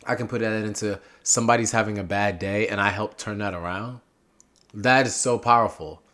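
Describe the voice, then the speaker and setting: A young man talks as a podcast guest in an animated, rambling way, drifting off on tangents as he goes. His voice is low-pitched but bright and ringing, and his level swings up when he gets excited. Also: a little fast. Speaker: podcast guest, political candidate. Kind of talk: casual interview chat.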